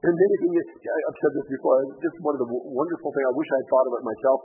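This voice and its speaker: A man preaching a sermon as pastor, moving from quiet reflection to loud, emphatic rhetorical questions. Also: mid-range voice, fast, husky, soft background music. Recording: tinny phone-like radio broadcast.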